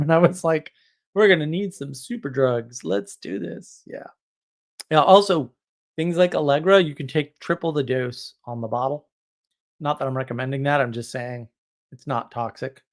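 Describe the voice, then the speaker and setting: A man hosting a live stream, chatting casually in a rambling way and laughing at his own stories. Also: medium pitch. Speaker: livestream host.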